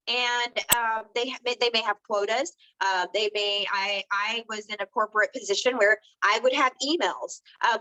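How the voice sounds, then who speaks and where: Woman, sales team trainer, casual training talk, earnest, lots of fillers, bright, fairly high voice. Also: low-quality recording. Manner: earnest, coaching, many fillers and restarts.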